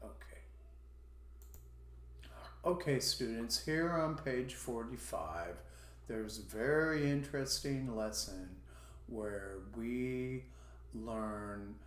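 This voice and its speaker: Slow, deliberate male teacher in an echoey room. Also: medium pitch, expressive. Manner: slow, deliberate, repeats example phrases to model intonation. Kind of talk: recorded online language lesson.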